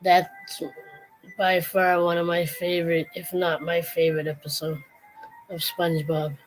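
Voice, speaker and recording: A woman's voice: lowish voice, level tone, a little slow, soft background music. A woman hosting a casual late-night livestream, chatting in a rambling way with many restarts. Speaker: livestream host.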